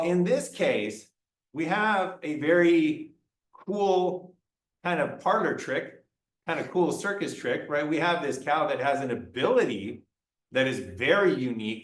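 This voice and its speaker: A man's voice: medium pitch, lively intonation, measured pace. A male lecturer giving a conversational classroom talk, acting out little dialogues as he explains. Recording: echoey room, mic far off.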